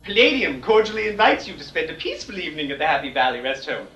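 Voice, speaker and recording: A man's voice: on the high side, expressive, quick pace, sharp tone, soft background music. A man performing a grand, catty drag lady persona, hosting live comedy before a theatre audience in a campy, mock-refined manner. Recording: fuzzy 1980s VHS air check, roomy and distant.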